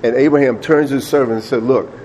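Mellow-voiced man preaching a sermon. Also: medium pitch, steady tone, fast, a little hiss or hum. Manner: conversational storytelling, repeats words when emphatic.

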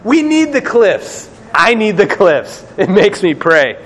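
A man preaching a sermon in a lively, casual way, acting out quoted voices with slang. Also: high-pitched, takes it slowly. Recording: long hall reverb, faint ambience.

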